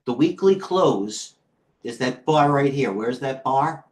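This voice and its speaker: A man's voice: mid-range voice, expressive, slow pace. Man, middle-aged, trading stream host, casual, rambling, wisecracking, muttering. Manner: rambling, joking, self-deprecating, mutters to himself. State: out of breath. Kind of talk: casual live-stream commentary.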